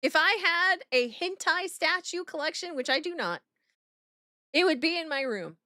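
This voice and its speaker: A woman's voice: very high-pitched, expressive, normal speed, sharp tone, dry recording, clean studio sound. A woman streamer chatting through a game reaction in a blunt, profane, giggly way.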